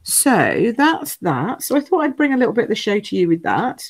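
A woman's voice: on the high side, sing-song, normal speed. A woman hosting a live craft stream, chatting casually, rambling and answering viewer comments as she shows cards. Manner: chatty, rambling, loses her train of thought.

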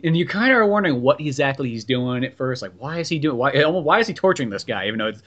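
Animated man with a lively, bouncing pitch. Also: quick pace, muffled recording. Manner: lively, rambling, chuckling asides. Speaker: podcast co-host. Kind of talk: casual movie chat.

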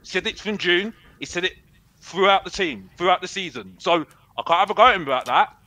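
A man's voice: high-pitched, expressive, fairly quick, pushed and bright, dry recording, low-quality recording. A man, a football fan arguing heatedly on a fan show, brash and boastful, repeating himself. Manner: brash, boastful, repeats himself, calls himself Mister Box Office.

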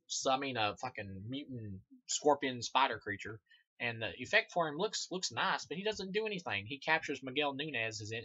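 A man tears into a movie in a loose, rambling review, cursing constantly and chuckling between points. His voice is bright and forceful, close and dry, and the recording is dull and lo-fi. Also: medium pitch, no echo. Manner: rambling, profane, laughs often. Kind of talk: casual spoken film review.

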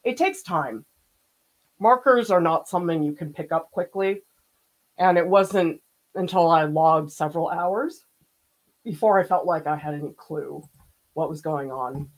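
During a live painting stream, a woman art teacher chats casually and easygoingly, laughing often and reading out viewer comments. Her voice is low-pitched and a little slow, with frequent pauses. The recording is rough.

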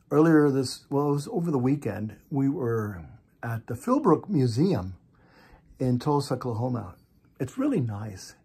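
Older guy, kinda husky, telling a deadpan little story with wry asides. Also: medium pitch. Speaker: vlogger. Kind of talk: personal anecdote.

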